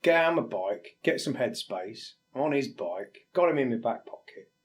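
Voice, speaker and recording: A man from England, a firefighter, speaking candidly and haltingly in an interview, sometimes acting out quoted exchanges. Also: mid-range voice, lively intonation. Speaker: firefighter guest. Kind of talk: reflective interview talk.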